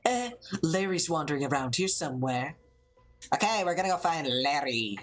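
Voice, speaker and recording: A woman's voice: low-pitched, expressive, normal speed, faint music behind. A woman hosting a let's play, chatting casually and reading game dialogue aloud in a giggly, self-mocking way.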